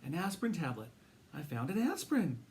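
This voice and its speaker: A man voicing a small, eager, determined male mouse who pleads urgently and lets out shrill siren cries. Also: sing-song, brisk, darkish tone, a little hiss or hum. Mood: pleading.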